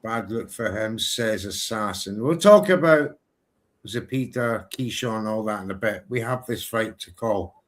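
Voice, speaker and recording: A man from Britain co-hosting a live boxing watchalong, excitable and energetic in his play-by-play. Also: fairly low pitch, unhurried. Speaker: co-host.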